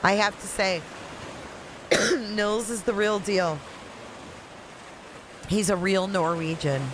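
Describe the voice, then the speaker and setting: In a mid-range, steady voice, the host takes things slowly as she answers viewer comments one by one on her casual livestream. She has a Michigan accent and is at home in Florida riding out a hurricane, with a noisy background behind her.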